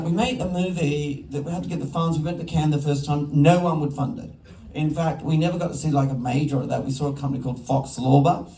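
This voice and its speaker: A man's voice: fairly high pitch, vocal fry. An Australian man, a film director, telling self-interrupting anecdotes in an onstage festival conversation. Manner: animated, self-interrupting storyteller. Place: festival stage before an audience. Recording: echoey hall, distant mic.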